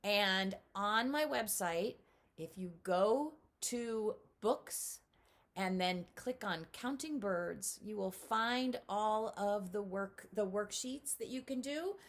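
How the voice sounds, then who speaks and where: Woman, middle-aged, gravelly, friendly kids' lesson, animated, talking from home. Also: medium pitch, slow pace. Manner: animated, talks straight to kids, imitates owl calls. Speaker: children's author teaching at-home learners. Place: home, indoors.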